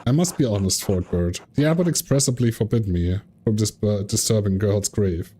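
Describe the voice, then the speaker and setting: A man's voice: on the low side, a little fast, warm tone, slight background noise, close to an everyday voice. A man voicing an earnest, polite male scholar who is determined to find the truth.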